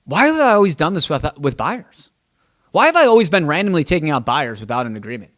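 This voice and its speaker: Speaking fast and very animatedly, a man with a slightly high, somewhat bright voice hosts a podcast as a real estate agent. His monologue is casual and emphatic, stumbling and repeating words as he thinks out loud, and he performs quoted exchanges with clients.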